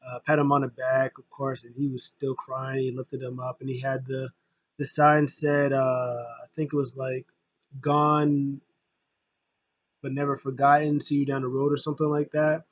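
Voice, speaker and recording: A man's voice: mid-range voice, level tone, moderate pace, dry recording, muffled recording. A man giving a casual, rambling recap of a wrestling show, full of fillers and emotional fan talk.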